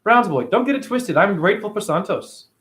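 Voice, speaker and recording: A man's voice: high-pitched, big pitch swings, fairly quick, a bit bright. A man hosting a casual livestream, talking animatedly and profanely and answering viewers by name. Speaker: livestream host reading chat.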